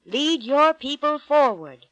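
A woman reading a storybook voices God, who gives slow, loud and solemn commands. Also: high-pitched, very animated, no echo, voice pushed up, full character voice, poor audio. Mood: commanding.

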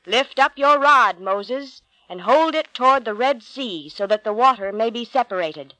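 A woman reading a storybook voices God, who gives slow, loud and solemn commands. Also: fairly high pitch, animated, no echo, low-quality recording. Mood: commanding.

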